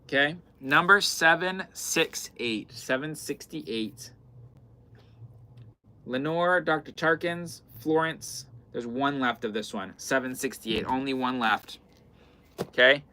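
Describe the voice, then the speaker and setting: Hosting a live-stream sale from an indoor fabric shop, a man talks slowly in a medium-pitched voice that sounds bright and forward. His chatter is loose and casual, and he keeps calling out item numbers.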